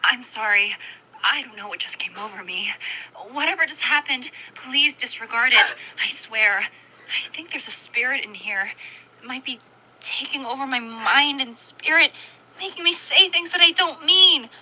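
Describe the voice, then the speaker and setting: A woman putting on a brash, foul-mouthed, hot-tempered voice for a silly voice-message skit, hurling shrill, over-the-top insults. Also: normal speed, sharp tone, a little hiss or hum, poor audio. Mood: mock apologetic.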